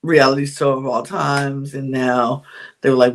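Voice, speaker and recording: A woman's voice: rumbling low, level tone, measured pace. A woman hosting a podcast, giving a candid, chatty recap of a reality show, with frequent sighs and laughs. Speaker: podcast host.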